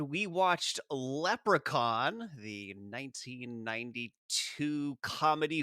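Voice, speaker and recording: A man's voice: medium pitch, bright, forceful tone, clean tone, no room sound, clean studio sound. A man hosting a casual movie podcast, introducing his co-hosts with upbeat, jokey patter. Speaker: podcast host. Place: home studio in Los Angeles.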